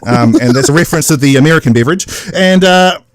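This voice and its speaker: Brief: a male podcast host, slightly high, wry and quick to mimic characters. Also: no echo. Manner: jokey recapping with quick put-on voices. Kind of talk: casual podcast discussion.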